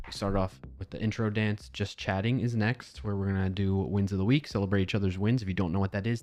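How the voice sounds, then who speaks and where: A man hosting a live stream in a casual, upbeat chat, a little low on energy, leading viewers through stretches. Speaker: livestream host.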